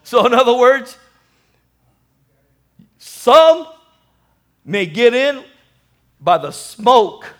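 A male pastor preaching a sermon, animated, calling for amen and swinging between loud and hushed. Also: very high-pitched, drawn-out words, long pauses.

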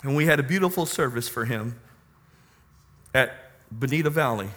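A man preaching a sermon as a pastor, telling a personal story with passion and loud emphatic bursts. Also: mid-range voice, lively intonation, normal speed.

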